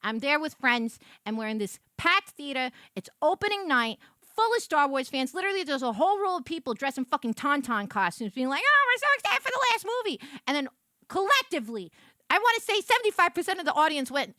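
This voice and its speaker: A woman's voice: high voice, very animated, brisk, pushed and bright, no room sound, studio quality. A young woman VTuber streamer chatting casually, ranting animatedly and swearing. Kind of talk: casual live-stream chat.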